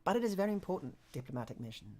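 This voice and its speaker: Game master doing a noblewoman patron, controlling, courteous, measured, tabletop role-play voice. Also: medium pitch, very animated, mellow, voice pushed up, natural voice. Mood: persuasive. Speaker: game master voicing a non-player character.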